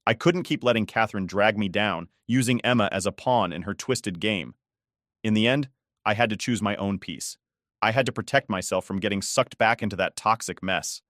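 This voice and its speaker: A man's voice: on the low side, moderate pace, a bit bright, dry recording, studio quality. A man in his forties narrating a first-person story in a weary, resentful way.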